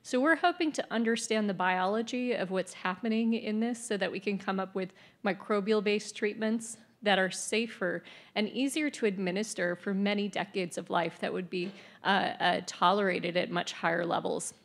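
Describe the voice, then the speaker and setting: Woman, researcher, mid pitch, gravelly texture, earnest, explains science. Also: normal speed. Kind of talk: scientific remarks at an event.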